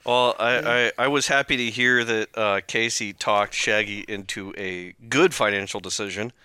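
A man's voice: on the low side, steady tone, normal speed, sharp tone, smooth, no room sound. A man co-hosting a casual hobby podcast, teasing his friends in jokey banter. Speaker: podcast co-host. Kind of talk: casual chat.

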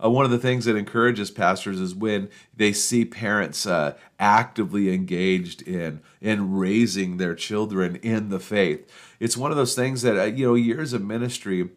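A man hosting a podcast for pastors, telling funny church stories in a casual, chatty way and laughing at his own jokes. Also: mid-range voice. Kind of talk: casual storytelling talk.

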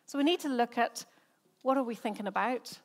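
An English woman preaches a sermon in a relaxed, chatty manner, often breaking off to ask the congregation questions. Her voice sits a little higher than most women's. She is middle-aged, and her accent has softened after years among Irish speakers. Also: a little fast. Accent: English, softened by time living in Northern Ireland. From England. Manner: conversational, chatty preaching with frequent restarts and rhetorical questions. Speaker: senior pastor.

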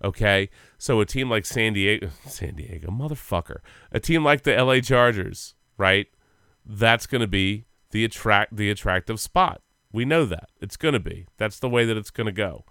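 A man with a lowish, smooth voice co-hosts a sports podcast, rambling through football news in a loose, profane way. He is close to the mic, and the sound is dry. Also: lively intonation, normal speed, pushed and bright, no room sound. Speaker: podcast co-host. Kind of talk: casual sports chat.

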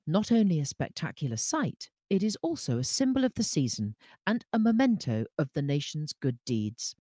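A woman co-hosting a podcast, reading facts aloud with bright enthusiasm. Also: deep voice, big pitch swings, moderate pace, breathy edge, dry recording, clean studio sound. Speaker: podcast co-host. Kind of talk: casual chat reading facts.

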